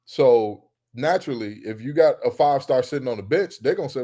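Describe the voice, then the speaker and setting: A man co-hosting a sports talk podcast, speaking emphatically and repeating points for stress, often climbing much higher when he rants. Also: animated, brisk, dark tone.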